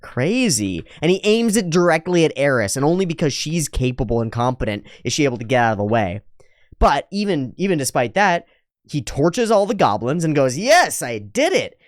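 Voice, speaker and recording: Sarcastic, animated anime reactor man. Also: on the high side, fairly quick, dry recording, studio quality.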